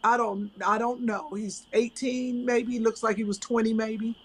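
A woman co-host telling a story as an animated rant in casual chat. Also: a little high, measured pace, slightly rough, low-quality recording.

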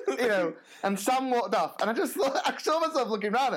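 Animated male teacher telling stories. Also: very high-pitched, a little fast. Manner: animated, laughs through stories. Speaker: podcast co-host, primary school teacher. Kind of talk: casual storytelling chat.

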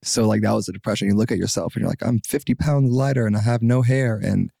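Rambling young man with a gravelly voice. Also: on the low side, fast, dry recording, studio quality. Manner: rambling, heavy use of "like", animated when quoting people. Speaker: podcast guest. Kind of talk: casual chat.

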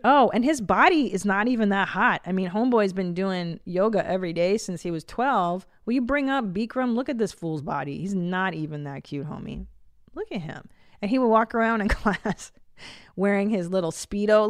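Forties woman podcaster, swears a lot, blunt and lively, dry close sound. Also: medium pitch, normal speed, dry recording. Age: 40s. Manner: profane, blunt and animated. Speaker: podcast host. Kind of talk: casual chat.

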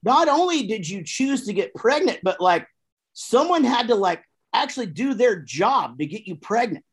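A man's voice: high voice, big pitch swings, normal speed, breathy edge. A man guesting on a podcast from a room at home over a video call, chatting in a rambling, jokey, profane way. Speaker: guest musician. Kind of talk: casual podcast chat. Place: room with gold records behind him.

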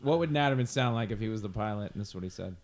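A man in a casual chat who prods with questions and drops in short interjections. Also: fairly low pitch. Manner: quick interjections, prodding questions. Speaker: podcast co-host.

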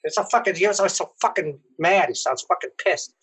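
A man's voice: high-pitched, fast talker, fairly bright tone, husky, rough recording. Loose, foul-mouthed man chatting. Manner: loose, profane, laughing. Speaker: podcast guest. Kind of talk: casual chat.

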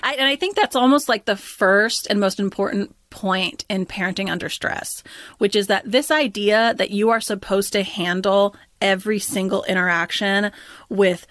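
A woman's voice: mid-range voice, normal speed, a bit bright, no echo. Woman podcast host, chatty and loose, dry close recording. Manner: chatty, peppered with "like". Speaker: parent. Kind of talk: casual podcast chat.

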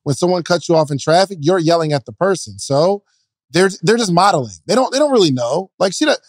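A man co-hosts a podcast in a fairly high voice. He tells loose, rambling stories full of "like". The sound is dry, with no room echo. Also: animated, brisk. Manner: loose anecdotal storytelling with filler "like". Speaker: podcast co-host. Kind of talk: casual podcast chat.

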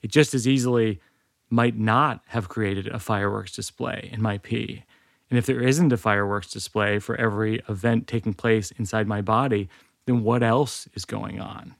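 A man's voice: fairly low pitch, fairly even intonation, normal speed, creaky, no room sound. A man in his forties, a podcast host, reading a personal story aloud in a dry, wry way with self-aware asides. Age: 40s.

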